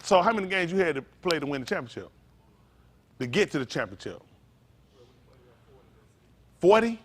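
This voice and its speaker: A man preaching an interactive sermon, calling out to his congregation in with a lively, animated manner. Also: a little high, normal speed. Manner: animated, calls out to the congregation, folksy vernacular. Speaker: pastor.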